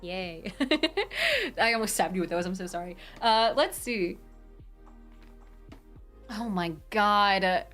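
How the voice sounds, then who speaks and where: Reading viewer comments aloud during a casual live stream, this young Pacific Northwest woman talks in a mid-range voice, taking her time with long pauses. She's lively and quick to laugh, curses without hesitation, and tends to ramble and restart her sentences. Soft background music plays throughout.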